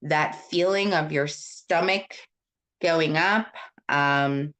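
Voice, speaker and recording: A woman's voice: sits low, slow, fairly bright tone. A woman from Puerto Rico hosting a casual live stream, answering viewer comments in a rambling, candid way with many fillers. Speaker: host.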